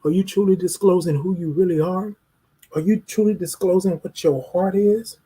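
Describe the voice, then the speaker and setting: Hosting a live talk show, a man delivers an emphatic, preachy motivational monologue straight to his viewers. His voice sits high, with a steady, dark and slightly rough tone at normal speed.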